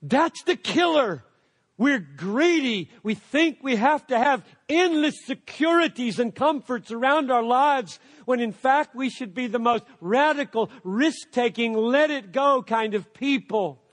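An older man preaches with a high, ringing voice that carries a long reverb through a big hall. He drives his points with emphatic declarations, then drops into quiet, conversational asides. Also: expressive, unhurried. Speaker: pastor. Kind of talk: sermon.

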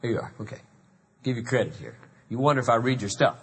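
A man's voice: medium pitch, fast talker, a bit bright, husky. Earnest man preaching in an echoey hall. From American South. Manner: earnest, conversational preaching with emphatic repetition. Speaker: pastor. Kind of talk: sermon.

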